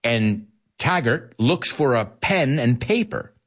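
A man in his forties, a podcast host teaching English, talking in an animated way and acting out quotes. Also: takes it slowly, breathy edge. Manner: animated, acts out quotes with big pitch jumps. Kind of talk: bilingual English lesson.

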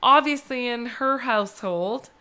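A woman's voice: on the high side, a little slow, bright, forceful tone, clean tone. A middle-aged woman co-hosting a casual podcast chat, telling stories and laughing often. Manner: chatty storyteller, laughs often. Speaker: podcast co-host.

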